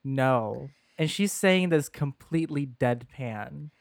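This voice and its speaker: A man's voice: mid-range voice, expressive, slow, gravelly, dry recording, clean studio sound. A young man co-hosting a podcast, telling a family story in a casual way and laughing often. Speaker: podcast co-host.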